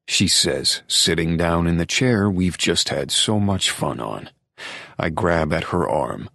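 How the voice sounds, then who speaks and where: A man with a very deep, gravelly voice narrates a romance audiobook in the first person. His tone is husky, and the recording is dry and close, as in a studio booth. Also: slow, sharp tone, dry recording.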